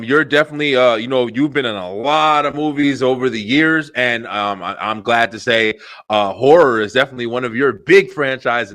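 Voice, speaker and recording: A man with a New Jersey accent hosting a web show over a video call, talking fast and excitably with lots of slang and fillers. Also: mid-range voice, no room sound. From Elizabeth, New Jersey. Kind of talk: casual interview chat.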